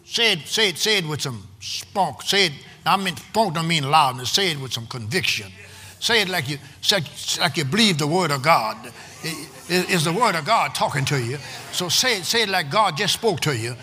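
A preacher, delivering a sermon with rhythmic call-and-response and frequent shouting. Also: male voice, fairly high pitch, expressive, normal speed. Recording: long hall reverb.

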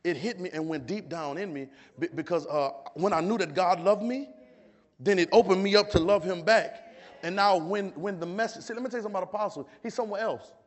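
High-voiced impassioned male preacher. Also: a little fast. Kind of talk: sermon with call-and-response. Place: church service.

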